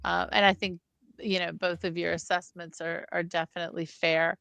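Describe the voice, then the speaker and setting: A woman co-hosting a film podcast, talking in a halting, agreeable way and repeating her words. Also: lowish voice, level tone, vocal fry, fairly bright tone, clear, resonant tone, no echo. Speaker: podcast co-host, film reviewer. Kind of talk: casual film review chat.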